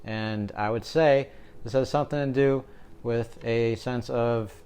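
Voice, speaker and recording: A man's voice: mid-range voice, steady tone, a little slow, darkish tone, clean tone. A young man giving a casual tarot reading, joking and rambling, often checking in with "right?". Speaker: tarot reader.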